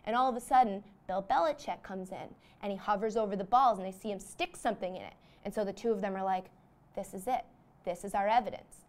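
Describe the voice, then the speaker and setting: A woman's voice: mid-range voice, fast, few pauses. A young woman hosting a comedy show, rambling through a made-up movie plot with lots of "like". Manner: rambling, peppered with "like". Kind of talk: comedic monologue.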